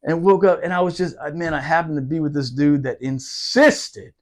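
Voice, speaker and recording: A man in his forties spins rowdy old service stories in a loose podcast chat. His voice sits a bit high for a man. He talks with lots of swearing and keeps breaking into laughter. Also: normal speed. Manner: animated, profane, laughs often while telling stories. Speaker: podcast host, Marine veteran. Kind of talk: casual storytelling chat.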